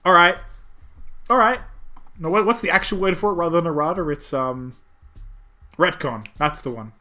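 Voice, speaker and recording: Chatty bright-voiced male streamer. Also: fairly high pitch, lively intonation, brisk, soft background music. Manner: chatty, swears freely, laughs often. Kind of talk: casual game stream commentary.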